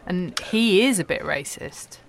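A woman playing an unbothered talent agency assistant, deadpan and giggly, in a scripted comedy sketch. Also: fairly low pitch, a little slow, vocal fry.

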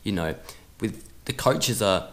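Low-voiced man giving blunt coaching advice. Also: expressive, slow, gravelly. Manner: direct, coaching tone, acts out dialogue. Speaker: soccer podcast host. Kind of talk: motivational advice talk.

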